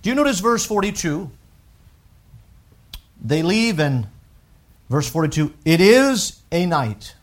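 A man's voice: sits high, big pitch swings, takes it slowly, long pauses. Emphatic preaching man. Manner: emphatic, rising to loud peaks when quoting scripture and critics. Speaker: pastor. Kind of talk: sermon.

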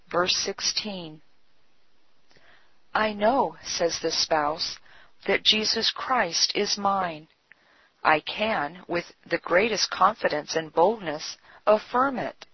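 A woman giving a solemn, measured scripted devotional reading. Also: fairly low pitch, husky, dry recording. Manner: slow, solemn, measured delivery. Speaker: devotional reader. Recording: dull, dry lo-fi recording.

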